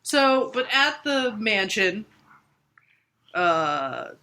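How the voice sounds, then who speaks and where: Woman podcast cohost, bright crisp voice, laughs a lot and swears while recapping comics. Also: mid-range voice, sing-song. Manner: laughing, profane, quick to mock. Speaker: podcast co-host. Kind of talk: casual comic book recap chat.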